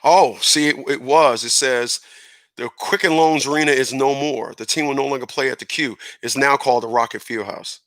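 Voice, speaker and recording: Bright-voiced rambling male radio host. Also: medium pitch, normal speed, no room sound. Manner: animated, self-correcting, chuckling asides. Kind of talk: casual rambling monologue.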